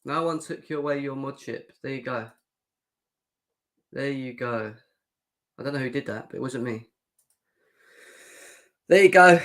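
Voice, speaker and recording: A man's voice: mid-range voice, fairly bright tone. Sarcastic man hosting a livestream. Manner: sarcastic, joking, reads out chat comments. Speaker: fan show host. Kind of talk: livestream football reaction chat.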